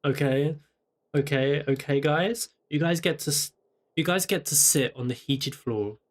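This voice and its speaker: A man's voice: fairly high pitch, measured pace. A man streaming a video game, chatting playfully and teasing in-game characters, often repeating himself. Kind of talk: casual gameplay stream chat.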